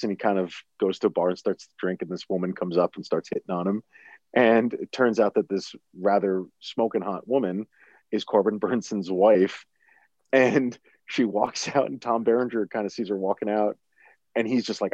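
A man's voice: lowish voice, steady tone, a little fast, darkish tone, no room sound, muffled recording. A man in a casual podcast chat, animatedly retelling a movie, acting out quotes and laughing often.

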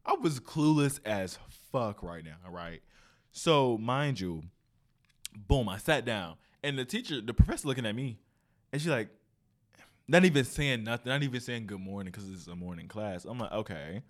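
A young man hosting a solo podcast, telling stories in a casual, profane, animated way, full of slang. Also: medium pitch, moderate pace. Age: young adult. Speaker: podcast host.

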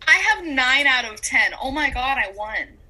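A young woman co-hosting a podcast in casual chat, giggly and gushing with excitement. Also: sits high, moderate pace, poor audio. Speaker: podcast co-host.

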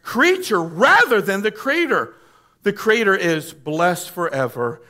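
Man, pastor, preaching in church, high-pitched, impassioned, pleading. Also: big pitch swings, measured pace, sharp tone. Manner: impassioned, pleading, calls for audience responses. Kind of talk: sermon. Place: church sanctuary.

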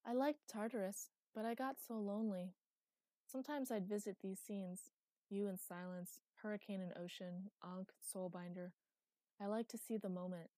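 A woman voicing a small, lonely ghostly wanderer who speaks softly and wistfully. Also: mid-range voice, fairly even intonation, normal speed, no echo, lightly acted.

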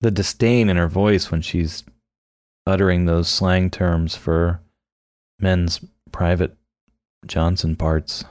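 Male co-host, slow and low, dry close sound, playful line readings. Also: fairly even intonation, darkish tone, no echo. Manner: acts out movie lines in playful voices. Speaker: podcast co-host. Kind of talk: casual film commentary chat.

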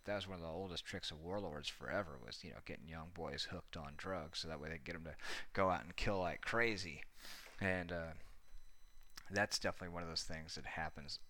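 A man's voice: low voice, pushed and bright. A man hosting a casual commentary monologue, sarcastic, profane and rambling.

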